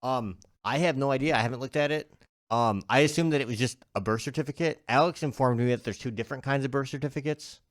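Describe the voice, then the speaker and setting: A man talking casually on a podcast, hesitant and filling pauses with ums. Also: medium pitch. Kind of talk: casual chat.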